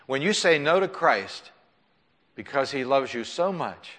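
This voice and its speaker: A male pastor preaching an impassioned sermon in a church, swinging between loud pleading and hushed, soft tones. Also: mid-range voice, big pitch swings, measured pace. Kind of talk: sermon with altar call. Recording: long church reverb.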